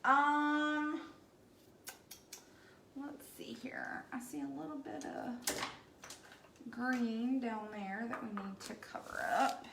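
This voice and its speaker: A woman with a slightly high, lively voice speaks extremely slowly, leaving long pauses. She's a craft painter hosting a casual live painting stream from home, bubbly and chatty with viewers. A device mic picks her up from a distance in an echoey room with faint noise.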